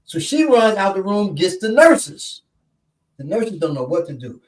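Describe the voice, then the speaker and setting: A man's voice: high voice, sing-song, unhurried, far from the mic. A man hosting a casual quiz chat, telling stories and laughing often. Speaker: podcast instructor.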